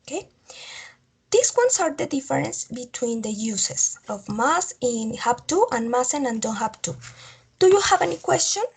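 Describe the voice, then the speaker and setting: High, husky woman teacher. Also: big pitch swings, unhurried. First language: Spanish. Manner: repeats each example, checks understanding with "okay?". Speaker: English teacher. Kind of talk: online grammar lesson.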